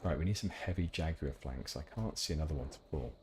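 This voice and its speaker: A man's voice: very deep voice, fast talker, a little mellow, a little hiss or hum. A man chatting casually while streaming a game, rambling with asides. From England. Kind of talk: casual gameplay chat.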